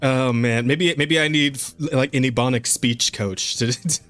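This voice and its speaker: A man co-hosting a podcast in casual chat, relaxed and self-deprecating, laughing often. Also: medium pitch, measured pace, soft background music. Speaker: podcast co-host.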